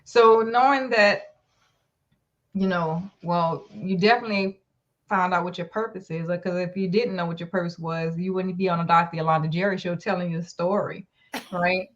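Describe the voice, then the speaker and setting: Low-voiced woman host on lo-fi call. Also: steady tone, moderate pace. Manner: warm affirming, rambling with fillers. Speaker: talk show host. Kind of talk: casual interview chat.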